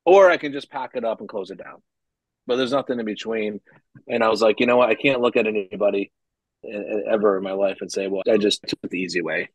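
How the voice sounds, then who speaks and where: A man telling stories from his business career in a casual podcast chat, acting out what people said with animated energy and frequent laughs. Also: fairly low pitch, quick pace, dry recording, dull audio. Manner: animated, acts out quoted dialogue, frequent laughs.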